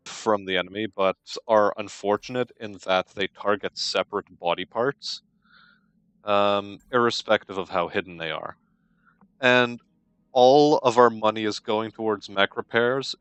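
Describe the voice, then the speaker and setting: A low-pitched young man talks through his game in a casual let's-play style, meeting every setback with dry, wry understatement. His voice is smooth and resonant, recorded close in a dead, dry space. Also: a bit bright, dry recording. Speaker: game commentator.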